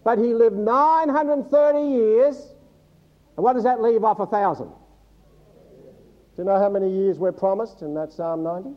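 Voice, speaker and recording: Speaking slowly with long pauses, this high-pitched male preacher quizzes his church audience on the Bible and adds humorous remarks. The recording has its high frequencies cut off.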